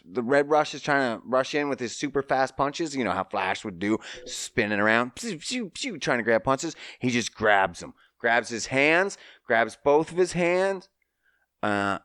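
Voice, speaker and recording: A man hosting a casual podcast, telling a story with mocking high-pitched asides and swearing. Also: a bit bright, clear, resonant tone, no room sound, clean studio sound. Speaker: podcast host.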